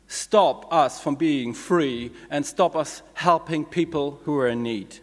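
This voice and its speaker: A man closing a conference greeting in earnest tones, slowing down for emphasis. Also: a little high. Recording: echoey hall from a stage mic.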